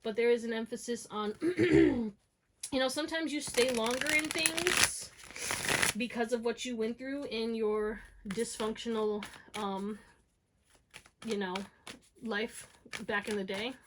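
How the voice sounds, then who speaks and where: Chatty tarot reader woman, higher voice. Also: slow pace, background noise. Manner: casual, direct address with many "okay?" and "you know what I'm saying?"; slang-flavored, encouraging, talks to viewers as y'all. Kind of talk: pick-a-card tarot reading to camera.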